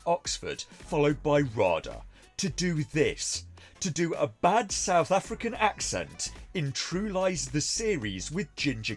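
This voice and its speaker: A man reviewing a TV episode in a dry, sarcastic, mocking way. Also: medium pitch.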